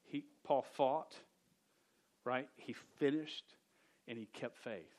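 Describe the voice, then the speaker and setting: A man delivers a sermon in an earnest voice that sits in a middle pitch range. He has a stutter and often repeats sounds and words before pushing on, and he speaks directly to a young audience. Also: slow pace, darkish tone. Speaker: preacher.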